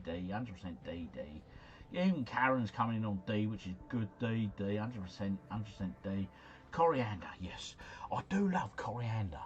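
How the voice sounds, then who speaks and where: A man's voice: on the low side, highs cut off. A man hosting a livestream, casually thinking aloud through quiz answers in a slangy, rambling way. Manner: chatty, musing aloud, slangy. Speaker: livestream host.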